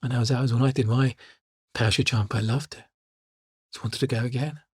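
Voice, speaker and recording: A man, a life coach telling calm personal stories in a reflective podcast monologue and repeating his key lines. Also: mid-range voice, brisk, breathy edge, no room sound, studio quality.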